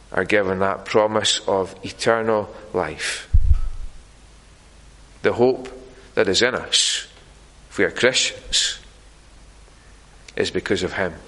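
A man preaching a sermon in a church, earnest and deliberate, pausing often on fillers. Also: deep voice, bright, forceful tone, in a large hall, poor audio.

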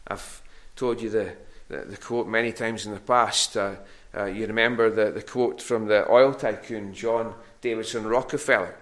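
A man's voice: on the low side, steady tone, normal speed, few pauses, fairly bright tone. A man preaching a sermon to a congregation in a church hall. He speaks conversationally and often repeats words while he searches for the next one.

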